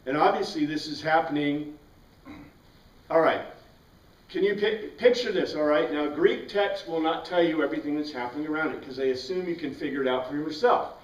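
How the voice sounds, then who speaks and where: A man's voice: fairly high pitch, fairly quick. A man teaching a Bible class, questioning his students and answering his own questions. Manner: asks the class questions and answers them himself. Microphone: far from the mic. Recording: roomy, distant, dull classroom recording.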